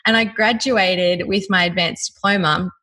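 Husky, bright Australian woman. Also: medium pitch, normal speed, poor audio. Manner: lively, laughs often while telling her story. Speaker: guest telling her story. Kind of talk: personal storytelling.

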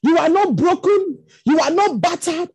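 A woman preacher praying over listeners on an online call, impassioned and often shouting, breaking into tongues. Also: extremely high pitch, animated, normal speed, dry recording. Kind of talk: fervent preaching and prayer.

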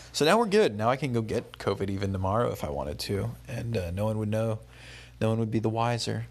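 Young male vlogger, lowish voice, loose rambling travel-diary talk full of fillers. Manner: rambling and conversational, with many fillers and restarts. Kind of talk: casual spoken travel diary.

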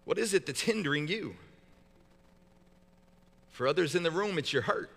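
A man's voice: on the high side, lively intonation, moderate pace, vocal fry, fairly bright tone, big-room sound. A man preaching a sermon as pastor, talking in a casual, joking way with frequent stumbles and restarts. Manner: conversational and joking, with many repeated restarts.

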